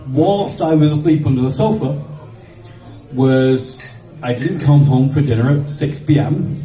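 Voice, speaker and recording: A man doing stand-up, telling a rambling childhood story with lots of swearing and quick voices for the people in it. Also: medium pitch, dark tone, distant mic. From grew up in the 1970s. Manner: swearing, rambling anecdotal delivery with voiced characters. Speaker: stand-up comedian. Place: stage at a comedy show. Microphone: phone filming from the audience. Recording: roomy phone recording from afar.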